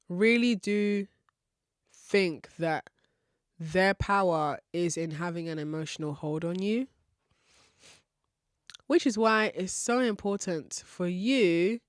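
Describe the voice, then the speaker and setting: A woman's voice: fairly low pitch, clean tone, no echo, clean studio sound. Candid woman podcast host. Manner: candid, swears casually, laughs often. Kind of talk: frank advice monologue.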